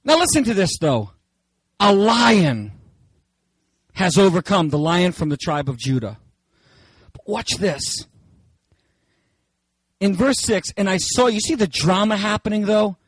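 Animated, high-voiced male preacher. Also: measured pace, pauses often, slightly rough, no room sound, poor audio. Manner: animated, dramatic, playful asides. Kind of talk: sermon.

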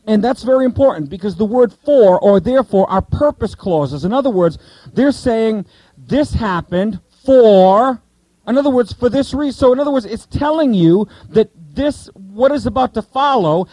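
A man teaching a Bible study to a group, asking the listeners questions and repeating key points slowly. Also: high voice, mellow, no room sound, rough recording.

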